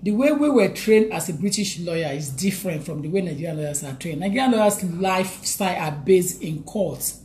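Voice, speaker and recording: A woman's voice: lowish voice, animated, brisk, hardly any pauses, a little mellow, a little hiss or hum. A woman lawyer giving advice to viewers, talking emphatically and repeating her points to drive them home.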